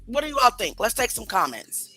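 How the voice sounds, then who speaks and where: Woman host, bright voice, skeptical, talks to her viewers, light music behind. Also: a little high, very animated, fairly quick, breathy edge, low-quality recording. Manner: skeptical, rhetorical questions to viewers. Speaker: commentary show host. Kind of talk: casual commentary.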